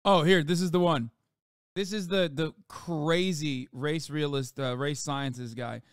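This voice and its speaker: Sarcastic streamer man with a smooth voice. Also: fairly high pitch, fairly even intonation, a little slow, no echo, clean studio sound. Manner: profane, sarcastic ranting. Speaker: livestreamer. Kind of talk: livestream reaction commentary.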